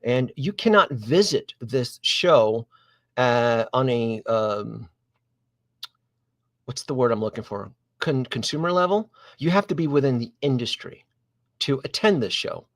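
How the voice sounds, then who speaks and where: A man's voice: medium pitch, measured pace, no room sound. A man, hosting a live stream, telling a long story in a casual, rambling way with frequent restarts and asides to viewers. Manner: animated, digressive, many restarts and asides to viewers. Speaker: host of a collectibles live stream.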